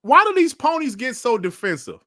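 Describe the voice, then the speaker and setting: A man's voice: extremely high pitch, sing-song, moderate pace, sharp tone, dry recording, clean studio sound. A man giving casual, mocking commentary as a streamer, laughing often and swearing while he reads out and answers comments.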